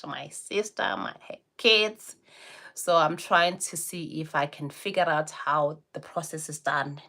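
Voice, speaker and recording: A woman's voice: low voice, sharp tone. A woman in her forties from Botswana hosting a casual livestream, chatting with viewers and laughing often between remarks. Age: 40s. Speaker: livestream host. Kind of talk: casual livestream chat, answering viewer comments.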